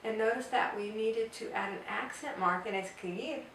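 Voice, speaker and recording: A woman's voice: on the high side, fairly bright tone, slight background noise. Lady teacher going over grammar, repeats her examples, kinda far from the mic, roomy sound. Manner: explains slowly, repeats example phrases. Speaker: Spanish teacher. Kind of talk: classroom grammar lesson. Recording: echoey room, voice from far off.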